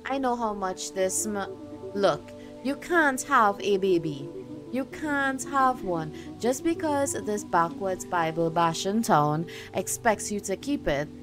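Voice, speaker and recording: A woman's voice: medium pitch, expressive, slow pace. A woman reading the lines of a blunt, protective young woman in a game, scornful and pleading. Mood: upset. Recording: game music behind.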